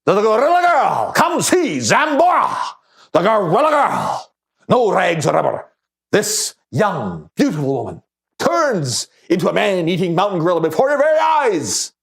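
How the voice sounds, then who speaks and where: A man voicing a carnival barker who calls out a freak show in loud, drawn-out showman cries. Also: high-pitched, wildly swooping pitch, creaky, voice pushed up, heavily acted. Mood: hawking. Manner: shouting.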